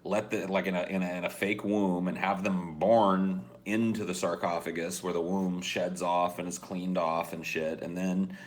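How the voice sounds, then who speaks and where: A man co-hosting a podcast, rambling through a profane, deadpan rant in casual chat. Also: low voice, normal speed, hardly any pauses. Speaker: podcast co-host.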